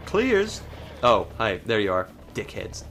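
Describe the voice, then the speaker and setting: A man giving profane, sarcastic, excitable commentary over his own gameplay. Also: lowish voice, slow, soft background music. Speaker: gaming commentator. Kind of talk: let's play commentary.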